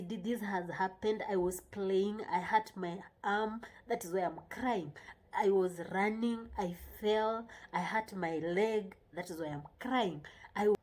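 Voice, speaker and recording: A woman with a slightly husky, mid-pitched voice gives casual parenting advice. She speaks earnestly, repeats her points, and keeps checking in with "okay?" as she talks. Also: a little mellow. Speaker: parenting vlogger.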